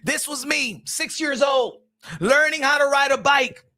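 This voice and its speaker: A man giving casual livestream commentary, animated and rambling, with frequent restarts, laughs and bursts of shouting. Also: very high voice, measured pace. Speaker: boxing commentary streamer.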